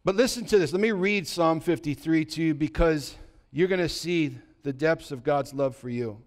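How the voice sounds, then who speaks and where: A man's voice: on the high side, normal speed. A pastor preaching a sermon, asking his congregation rhetorical questions and telling a story with acted-out dialogue. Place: church.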